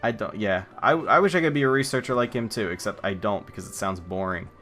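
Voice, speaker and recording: A young man gives casual let's-play commentary. He is sarcastic and jokey and talks back to the game's characters. His voice is bright and forceful, with faint game music behind him. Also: fairly low pitch, expressive, fast.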